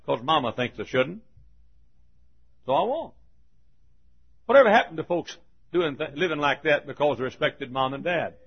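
A man's voice: medium pitch, expressive, a little fast, dull audio. An older man in his seventies, preaching a folksy sermon full of stories, often chuckling.

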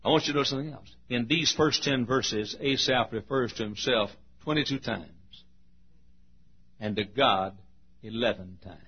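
A man preaching a sermon, moving from slow, low teaching into high, fervent preaching. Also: breathy edge, dull audio.

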